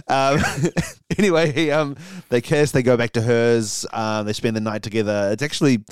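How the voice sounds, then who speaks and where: A man's voice: medium pitch, steady tone, normal speed, clean tone, dry recording, clean studio sound. A man co-hosting a comedy podcast, improvising a silly story with many ums and laughing at his own jokes.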